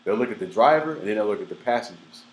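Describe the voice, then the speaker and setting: A young man telling stories in a loose, profane, filler-heavy way, breaking into animated outbursts. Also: fairly low pitch, fast, rough recording. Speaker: vlogger. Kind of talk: casual storytelling monologue.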